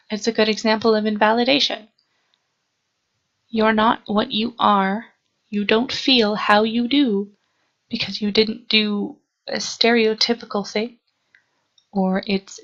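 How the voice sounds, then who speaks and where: A young woman rambling earnestly to her camera, halting with ums and restarts, a little sleepy. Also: mid-range voice, gravelly, a bit bright, muffled recording. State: sleepy, yawning. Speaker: vlogger. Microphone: camera mic.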